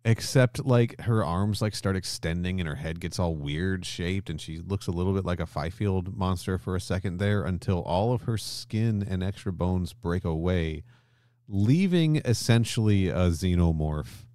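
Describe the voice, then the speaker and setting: A man hosting a podcast in casual chat, retelling a story with animated energy, acting out characters' lines and swearing freely. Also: deep voice, moderate pace, dry recording. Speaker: podcast host.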